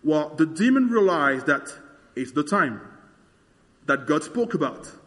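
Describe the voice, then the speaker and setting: A man walks through a Bible passage in a relaxed, conversational way, with frequent "like" and "uh" fillers. His voice sits a little high for a man. The recording has a long reverberant tail. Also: unhurried. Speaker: Bible teacher. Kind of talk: explaining scripture verse by verse.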